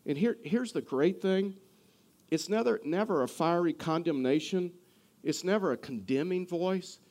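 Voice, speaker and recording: A man's voice: sits high, moderate pace, a little mellow. A male pastor preaching a sermon, earnest, often repeating and restarting his words.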